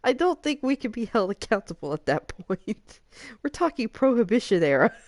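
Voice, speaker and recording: A woman's voice: a little high, sing-song, moderate pace, a little mellow, no room sound, clean studio sound. A woman hosting a live game stream, chatting casually and laughing often.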